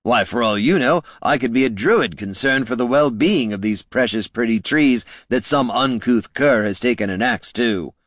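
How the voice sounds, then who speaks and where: A man's voice: mid-range voice, moderate pace, few pauses, a bit bright, no room sound, clean studio sound, voice pushed up, natural voice. A man voicing a smug, talkative male bandit who speaks in a wordy, mock-polite way.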